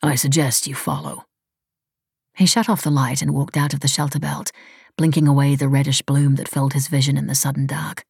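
Low, husky woman narrating. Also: level tone, quick pace, a little mellow, dry recording, clean studio sound. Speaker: audiobook narrator. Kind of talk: scripted narration.

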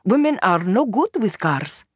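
A woman's voice: medium pitch, very animated, measured pace, breathy edge, no echo, studio quality. A woman reading as a bold, assured young woman. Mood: confident. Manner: assured, commanding.

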